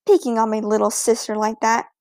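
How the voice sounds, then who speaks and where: A woman's voice: a little high, little pitch movement, a little fast, darkish tone, dry recording, studio quality, lightly acted. A woman reading a storybook who voices a bossy, prim schoolgirl big sister. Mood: scolding. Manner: bossy, correcting.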